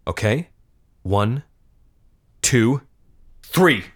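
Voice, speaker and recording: A man's voice: low voice, expressive, normal speed, husky. A man voicing a cruel teenage boy who bullies and jeers at other kids. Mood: taunting. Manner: jeering, aggressive shouting. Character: taunting teenage boy bully, cruel and shouting.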